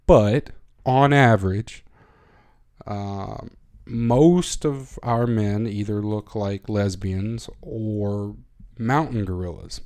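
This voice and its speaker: A man with a wry, deadpan way of joking, talking casually in a monologue with frequent fillers. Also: on the low side, slow pace. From United States. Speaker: vlogger.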